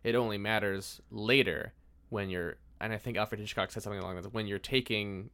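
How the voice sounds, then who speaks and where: A man's voice: lowish voice, steady tone, brisk, bright, forceful tone, smooth. A man co-hosting a podcast, chatting casually about movies in a playful way and laughing easily. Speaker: podcast co-host.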